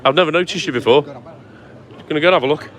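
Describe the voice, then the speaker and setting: A man's voice: a little high, fairly quick, a bit bright. Chatty man streaming a walk. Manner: chatty, greets viewers by name while walking. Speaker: live-stream vlogger. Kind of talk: live walking vlog, chatting to viewers. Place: outdoors on town streets at sunset. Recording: faint outdoor street noise.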